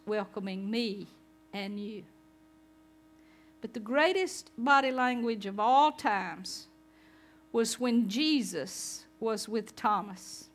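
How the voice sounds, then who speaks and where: A woman pastor giving a conversational sermon, chatting with her congregation. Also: medium pitch.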